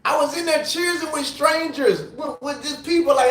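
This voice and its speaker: Tipsy male livestream host, very high voice, rambling and profane, echoey hotel room. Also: normal speed. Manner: animated, rambling, profane venting. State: tipsy from drinking. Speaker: livestream host and former sprinter. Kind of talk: casual livestream rant.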